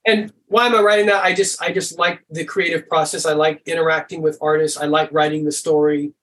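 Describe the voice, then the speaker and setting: A middle-aged man chatting as a podcast guest, relaxed and rambling, with lots of "and stuff". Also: on the high side, a little fast. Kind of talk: casual conversation.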